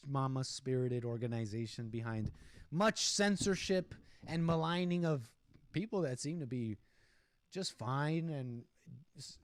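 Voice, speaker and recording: A male streamer rants sarcastically and indignantly over a video clip, laughing at his own jokes. His voice is medium in pitch, with no room sound in the recording.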